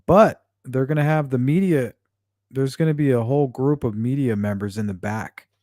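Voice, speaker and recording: A man's voice: medium pitch, normal speed, darkish tone, no room sound, clean studio sound. A man hosting a true-crime livestream, chatting casually and reading out viewer comments, blunt and often profane. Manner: blunt and profane, with frequent fillers.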